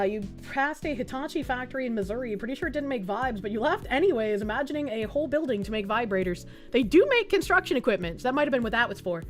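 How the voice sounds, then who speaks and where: A young woman streamer chatting casually and crudely with her chat, reading donations and laughing often, her voice jumping up loud and high.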